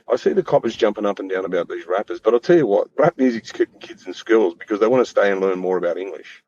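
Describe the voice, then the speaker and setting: A man's voice: low-pitched, a little mellow. A middle-aged Australian man talking as a podcast guest in casual chat, rambling, swearing freely and restarting his sentences. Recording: slightly dull lo-fi audio with faint noise.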